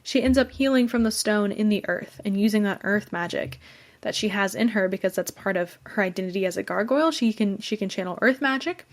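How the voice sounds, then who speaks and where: A young woman hosting a podcast, giving an excited, chatty recap of a fantasy book with lots of fillers and restarts. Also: medium pitch, fairly quick. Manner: gushing, enthusiastic, fangirling. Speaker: podcast host. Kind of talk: casual book review recap.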